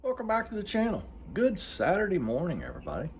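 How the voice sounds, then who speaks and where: A man's voice: high voice, wildly swooping pitch, quick pace, breathy edge. A middle-aged man, talking to his vlog viewers in a folksy, joking way with lots of fillers. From West Virginia. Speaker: vlogger. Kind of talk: casual vlog talk.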